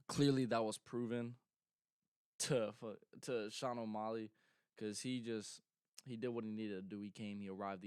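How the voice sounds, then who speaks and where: A man's voice: fairly low pitch, clean tone, no room sound, studio quality. Young male host, casual rambling chat, filler-heavy, clean voice with no room sound. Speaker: show host.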